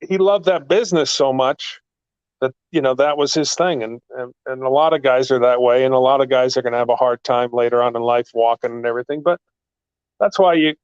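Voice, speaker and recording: A man telling wrestling stories in a casual chat, excitable and rambling, his pitch jumping up in the story. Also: a little fast, clean tone, dry recording, dull audio. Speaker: guest, actor and former wrestling manager.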